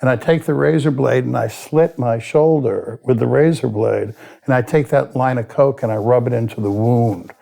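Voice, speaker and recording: A man's voice: mid-range voice, moderate pace, creaky, few pauses, dark tone. A man, a guest in an interview who tells his story candidly, bluntly and with a lot of swearing, and sometimes laughs at himself. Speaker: addiction expert guest.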